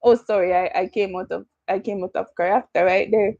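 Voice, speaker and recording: A woman's voice: mid-range voice, steady tone, brisk, few pauses, darkish tone, highs cut off. A Jamaican woman hosting a casual livestream Q&A, playful and self-mocking, laughing often. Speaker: Christian YouTuber.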